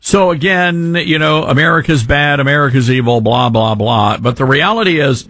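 A man hosting a talk radio show, wry and animated with sarcastic asides. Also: on the high side, a little fast, no echo, clean studio sound. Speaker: radio host.

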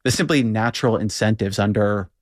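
A man with a low voice leads an interview, setting out views in a measured way before putting pointed questions. His sound is close and dry, without room echo. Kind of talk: interview conversation.

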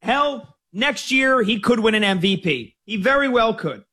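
A man's voice: high voice, expressive, measured pace, pushed and bright, husky. A man hosting a sports talk radio show, telling stories with jokey mock outrage.

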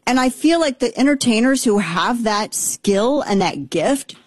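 A woman's voice: a little high, animated, measured pace, no echo. A woman in her thirties hosting a talk show, giving casual political commentary with rambling asides and blunt sarcasm. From Texas.

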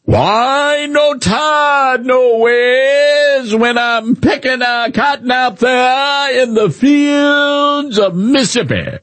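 A man's voice: extremely high pitch, extremely slow, few pauses, fairly bright tone, no echo, pitched above the performer's own voice, full character voice. A man doing a mocking impression of a female politician putting on an exaggerated Southern drawl.

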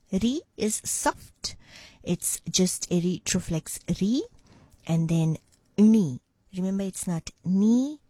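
Lively husky radio teacher woman. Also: fairly low pitch, dry recording. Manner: warm, encouraging teacher, drawing out syllables. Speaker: radio presenter teaching a language. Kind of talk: radio language lesson. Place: radio studio.

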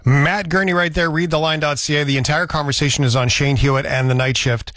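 A man's voice: a little high, steady tone, brisk, fairly bright tone, no room sound, clean studio sound. A man hosting a radio talk show, chatting casually and teasing his co-worker.

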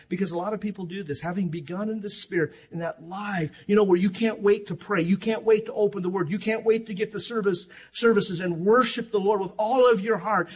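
An older man preaching with passion, his high voice husky and a little rough. He surges to loud declarations and then drops to near-quiet asides. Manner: impassioned, rising and dropping sharply in volume, acts out stories. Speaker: pastor. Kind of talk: sermon.

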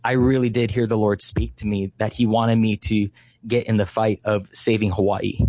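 A man in his thirties, a ministry leader, telling a heartfelt story in conversation, often pausing with "uh" and "you know". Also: on the low side, little pitch movement, mellow, no echo.

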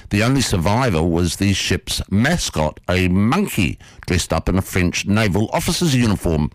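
A man, hosting a radio show and telling a story in a playful, quick way. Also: low voice, big pitch swings, no echo. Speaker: radio host. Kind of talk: radio storytelling and interview intro. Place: radio studio. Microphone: studio microphone.

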